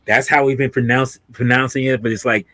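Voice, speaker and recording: A man's voice: mid-range voice, steady tone, fairly quick, a bit bright. A man hosting a casual livestream, talking in a rambling way with many restarts and fillers. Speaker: livestream host.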